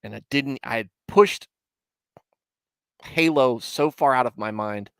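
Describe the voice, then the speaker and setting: A man's voice: medium pitch, measured pace, creaky, clean tone, no room sound. Rambling self-mocking male livestream host. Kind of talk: casual livestream chat.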